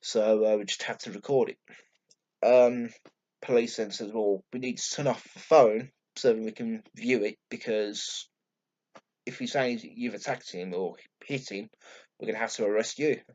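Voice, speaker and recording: A man's voice: fairly low pitch, normal speed, muffled recording. Sweary Birmingham man telling a story. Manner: blunt, sweary and excitable, acting out quotes. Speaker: vlogger. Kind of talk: casual storytelling vlog.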